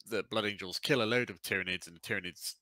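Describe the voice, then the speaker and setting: A man's voice: lowish voice, fast, sharp tone, dry recording, rough recording. A man co-hosting a podcast in casual chat, rambling with fillers and the odd swear. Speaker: podcast co-host.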